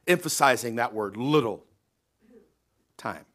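A male pastor's sermon fills the church sanctuary, animated and delivered at an ordinary pace in a medium pitch. Emphatic yet homespun, he swings from loud, stretched phrases to soft asides and keeps asking the congregation questions.

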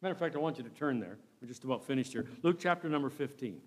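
A man preaching a sermon, reading King James verses aloud and swinging between loud and soft delivery. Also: medium pitch, lively intonation, racing.

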